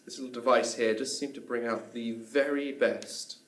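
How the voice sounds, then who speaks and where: A man's voice: medium pitch, steady tone, fairly bright tone, lightly acted. Casting: man as a frantic, stammering ex-spy engineer, echoey room, distant mic. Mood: wry. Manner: pleading, halting, full of restarts. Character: desperate former radio engineer and spy, middle-aged. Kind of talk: radio drama acting.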